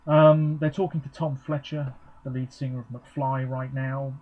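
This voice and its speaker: A man's voice: medium pitch, level tone, unhurried, lo-fi sound. A man giving a chatty, rambling live reaction, with frequent ums. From England. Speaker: vlogger. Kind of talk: casual live reaction commentary.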